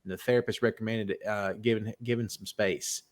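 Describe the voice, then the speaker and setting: A man from the United States co-hosting a casual podcast chat, talking in an animated way, his voice jumping high when excited. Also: a little fast. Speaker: podcast co-host.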